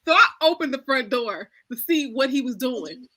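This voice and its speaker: High bright-voiced woman telling animated stories. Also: normal speed. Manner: animated storyteller acting out dialogue, laughing often. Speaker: panel host. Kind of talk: casual storytelling chat.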